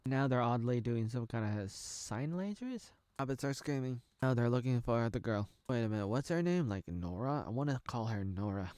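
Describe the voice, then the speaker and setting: A man's voice: mid-range voice, animated, normal speed, few pauses, a little mellow, clean tone, no echo, studio quality. Rambling jokey man in his thirties. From United States. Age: 30s. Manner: rambling, jokey, thinking aloud. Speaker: reaction video creator. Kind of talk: casual reaction commentary.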